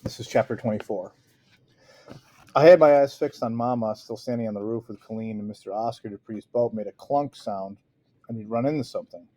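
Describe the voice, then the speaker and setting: A man's voice: lowish voice, fairly quick, dark tone. A man reading a novel aloud in an unpolished way, with frequent restarts and small slips. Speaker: audiobook reader.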